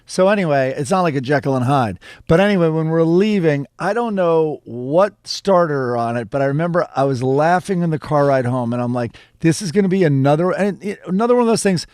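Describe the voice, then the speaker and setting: A man's voice: a little high, lively intonation, a little fast, hardly any pauses, a little mellow, smooth, dry recording, clean studio sound. A man co-hosting a podcast, telling rambling stories with joking asides in casual chat. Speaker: podcast co-host.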